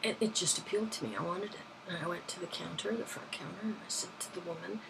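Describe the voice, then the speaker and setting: A woman's voice: fairly low pitch, quick pace, vocal fry, background noise. A woman from London, telling everyday stories in a rambling, chatty way that keeps correcting itself. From London, England. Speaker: vlogger. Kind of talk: casual anecdotal storytelling.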